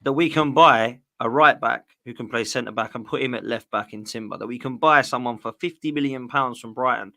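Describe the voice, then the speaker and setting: A man's voice: mid-range voice, brisk, vocal fry, few pauses, sharp tone. A man in a casual football chat, ranting with exasperation and slang. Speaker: guest co-host.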